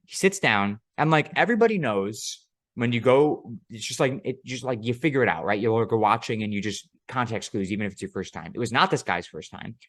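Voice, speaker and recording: A man's voice: medium pitch, animated, fairly quick, no echo, studio quality. A man co-hosting a podcast, telling a long story in casual chat, profane and rambling, often laughing. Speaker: podcast co-host.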